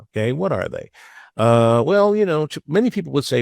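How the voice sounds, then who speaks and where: A man's voice: fairly high pitch, sing-song, a little fast, vocal fry, darkish tone, dry recording, studio quality. A man teaching a webinar as a business lawyer, frank and conversational, mixing advice with anecdotes. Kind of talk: webinar lecture.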